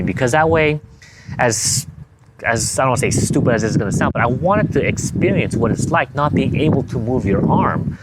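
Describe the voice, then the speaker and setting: A young man, a physical therapist, casually telling a personal story, rambling and correcting himself as he quotes himself and others. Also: mid-range voice. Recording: noticeable background noise.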